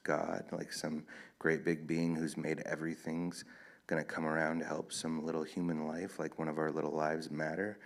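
A man reading as a blunt, skeptical teen boy. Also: rumbling low. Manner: blunt, questioning.

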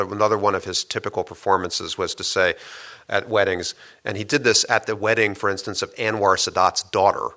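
Brief: low, bright-edged male guest voice; measured, hesitant storyteller in a long interview. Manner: measured storytelling with frequent "uh" and restarts. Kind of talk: long explanatory interview answers.

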